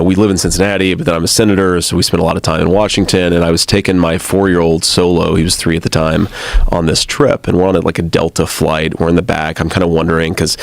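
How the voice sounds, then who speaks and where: Guest: man, forties, very low gravelly voice, dry close sound, anecdotal and laughing. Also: no echo. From United States. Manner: laughs often while telling anecdotes. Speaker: interview guest. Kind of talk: casual storytelling.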